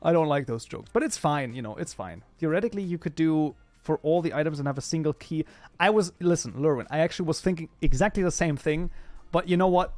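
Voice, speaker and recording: A man's voice: on the high side, animated, fast talker, darkish tone, dry recording, faint music behind. A young man with a German accent, hosting a livestream in a loose, casual chat that is full of swearing and laughter. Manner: talkative, swears freely, laughs often. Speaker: livestream host.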